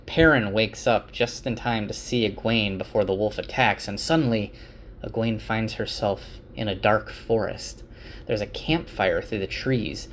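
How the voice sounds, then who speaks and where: A man casually summarizing book chapters, relaxed and conversational with filler words. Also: fairly low pitch, a little hiss or hum. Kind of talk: casual chapter summary with read-aloud passages.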